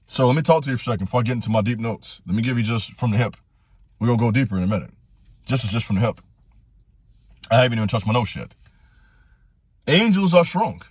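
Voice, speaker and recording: A man delivering a fired-up motivational monologue, hammering the same commands over and over. His voice sits at an average pitch and jumps much higher when his passion peaks. The sound is dry and close, with no room echo. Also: slightly rough. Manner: direct, preachy, repetitive exhortations, rising to passionate pitch. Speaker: channel host giving motivational talks.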